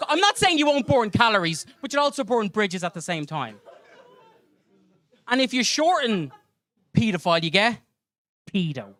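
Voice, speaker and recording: High, lively stand-up comedian man. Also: moderate pace, pauses often. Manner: crude, animated, acts out voices. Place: comedy club stage with live audience.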